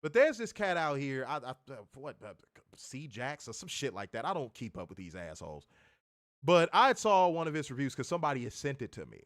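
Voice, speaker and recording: Animated, ranting man with a lively voice. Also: medium pitch, brisk, no echo, clean studio sound. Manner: animated, profane, repeats words when heated. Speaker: wrestling review show co-host. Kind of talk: casual podcast rant.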